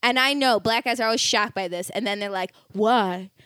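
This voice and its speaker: Woman, podcast guest, fairly high voice, dry sound, self-mocking jokes, laughs often. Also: fast talker, sharp tone, smooth, dry recording. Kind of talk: casual crude banter.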